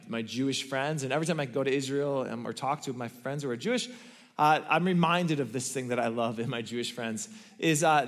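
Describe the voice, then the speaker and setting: A man giving a sermon, telling a story in a conversational way with many fillers. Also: medium pitch. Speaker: pastor.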